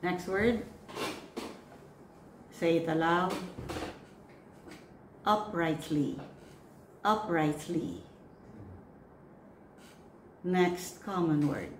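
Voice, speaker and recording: A woman coaching church readers through a pronunciation drill, giving slow, patient prompts with long pauses between them. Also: lowish voice. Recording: echoey room with faint noise.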